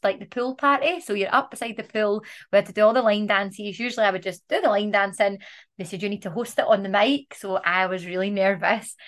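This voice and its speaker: A woman with a Scottish accent co-hosting a podcast, telling self-mocking stories in an animated, laughing way. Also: medium pitch. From Scotland. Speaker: podcast co-host. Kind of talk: casual storytelling.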